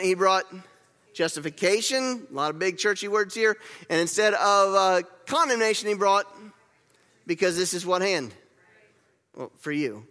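High, bright-voiced man preaching a sermon. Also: clean tone, big-room sound. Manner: lively, repeats key words, leads the congregation in gestures and call-and-response. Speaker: pastor.

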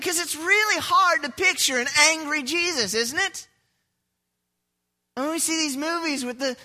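A man's voice: very high-pitched, pushed and bright. A man preaching a sermon, painting a scene with vivid storytelling and asking the congregation questions. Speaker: pastor.

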